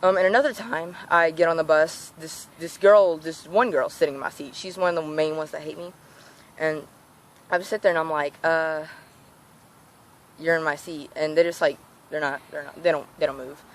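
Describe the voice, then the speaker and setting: Speaking briskly in a low voice, this teen vlogger rants through a storytime over slight background noise. She stays animated, performing the quoted lines of the people involved.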